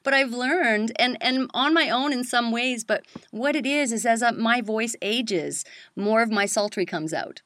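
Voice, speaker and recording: A middle-aged woman hosting a casual chat about voice-over work, animated and quick to laugh. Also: fairly high pitch, no room sound. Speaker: voice-over coach and host.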